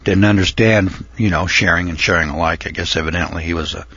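An older man telling a folksy, rambling story from his youth, often pausing with uh and clearing his throat. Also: sits low, steady tone, bright, forceful tone, no room sound, dull audio. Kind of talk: folksy spoken reminiscence.

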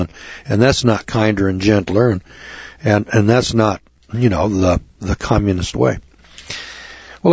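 A man with a husky voice hosts a talk radio show, ranting and firing off rhetorical questions. He needles his listeners with sarcasm. The broadcast sounds dull and lo-fi. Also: mid-range voice, dry recording. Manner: sarcastic, addresses audience as kids. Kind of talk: radio monologue.

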